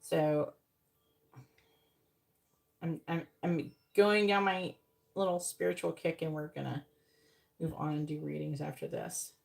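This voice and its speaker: A woman's voice: deep voice, steady tone, a little slow, vocal fry, long pauses, a little mellow. A woman in her forties giving a casual live-stream tarot reading, rambling and chatty, swearing freely as she talks. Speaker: psychic tarot reader.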